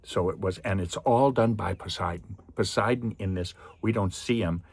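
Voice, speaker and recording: A man with a deep voice chats his way through a film review, wandering off into tangents as he retells the story. His tone is husky and slightly breathy. The delivery is casual and conversational. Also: normal speed. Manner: chatty, digressive, animated retelling.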